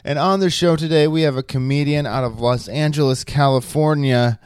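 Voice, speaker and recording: A man's voice: a little high, a little fast, darkish tone, clean tone, dry recording, studio quality. A man hosting a podcast, reading an upbeat intro and chatting with his guest. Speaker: podcast host. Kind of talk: podcast intro and interview questions.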